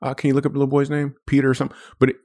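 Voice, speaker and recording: Guy cohosting a podcast, joking around, teasing his buddy, middle pitch. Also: monotone, rapid-fire, mellow. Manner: joking, teasing, playful banter. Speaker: podcast co-host. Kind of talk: casual comedic chat.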